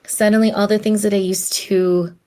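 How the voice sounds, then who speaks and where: A woman's voice: mid-range voice, flat delivery, moderate pace, mellow. A woman hosting her own podcast, talking in a heartfelt, conversational way and acting out the voices she quotes. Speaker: podcast host. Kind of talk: reflective solo podcast talk.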